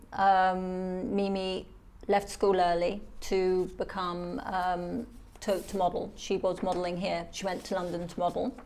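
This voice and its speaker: A woman's voice: lowish voice, vocal fry. A middle-aged woman, a model and guest, telling her life story animatedly and acting out what people said. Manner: animated storyteller who acts out quotes. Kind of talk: storytelling in a podcast interview.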